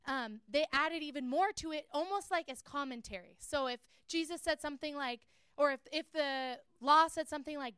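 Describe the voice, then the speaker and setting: A woman's voice: high-pitched, moderate pace, sharp tone, no room sound, clean studio sound. A young adult woman giving a casual Bible teaching talk, chatty and earnest with frequent fillers.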